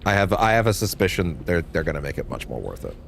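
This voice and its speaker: A man's voice: deep voice, very animated, quick pace, creaky, a little hiss or hum. A young man giving casual, rambling commentary while streaming a game, swearing offhandedly.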